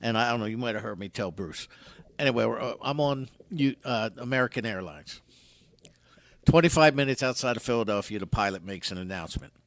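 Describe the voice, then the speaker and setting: A man's voice: mid-range voice, brisk, dry recording. A man in his sixties hosting a radio show, telling a story in casual chat and acting out what others said. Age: 60s. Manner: animated storyteller who acts out other people's lines.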